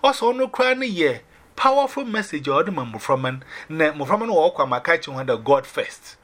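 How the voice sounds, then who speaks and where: A man sharing a personal faith testimony, telling it in an animated way and dropping in English phrases. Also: fairly high pitch, brisk.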